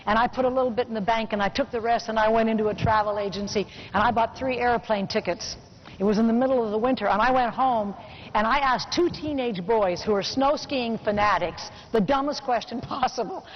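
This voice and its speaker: A middle-aged woman giving a motivational keynote speech to a business audience, telling a personal story and slowing down to stress key points. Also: fairly high pitch. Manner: personal storytelling, slows down for emphasis. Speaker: motivational speaker. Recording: muffled recording with faint hiss.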